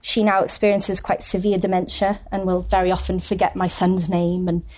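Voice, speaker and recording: A woman from Wales, giving a conference talk as a poet, telling stories with wry humorous asides and slowing down to read poems deliberately. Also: on the low side, completely flat delivery, darkish tone. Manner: slows down and reads poems deliberately. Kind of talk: conference talk with poetry reading. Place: university conference room.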